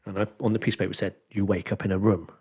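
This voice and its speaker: Speaking very fast in a low, slightly rough voice, a dungeon master and podcast co-host recounts a game story in casual conversation. He brings his players' words to life with animated impressions, and the recording is dull and lo-fi.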